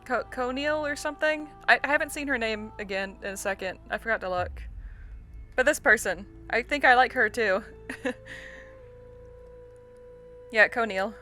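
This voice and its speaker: A woman's voice: on the high side, moderate pace, long pauses, sharp tone, soft background music. A woman hosting a game playthrough, reading the story aloud with chatty, self-deprecating comments. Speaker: let's-play host.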